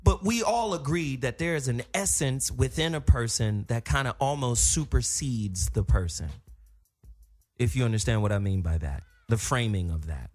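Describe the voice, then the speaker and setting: A man hosting a talk show, his pitch swinging widely as he riffs. He talks in a profane, animated way and goes off on long tangents, with faint music behind him. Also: normal speed. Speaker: podcast host. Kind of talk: casual chat.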